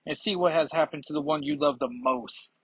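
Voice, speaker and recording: Cold scheming woman villain read by a man, taunting, threatening, husky, slightly raised voice, comic read-aloud. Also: fairly high pitch, fairly quick, no echo, pitched above the performer's own voice, low-quality recording. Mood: menacing.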